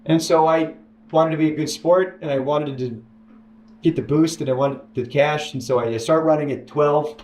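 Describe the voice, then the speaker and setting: A man telling a painful personal story as an interview guest, halting and restarting, quoting others in a raised voice. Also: darkish tone. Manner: halting, many restarts, mimics others in higher voice. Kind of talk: emotional personal account. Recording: echoey room with faint hiss.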